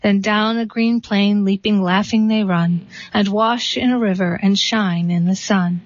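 A woman reading a short story and a poem aloud in a calm, even storytelling manner. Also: mid-range voice, measured pace, dry recording. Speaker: reader. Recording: dull dry recording.

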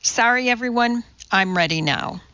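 A woman's voice: on the high side, expressive, normal speed, sharp tone, clean tone, no room sound, highs cut off, voice pushed up. A woman voicing a blunt, serious woman who hosts a cooking show, speaking sternly and directly.

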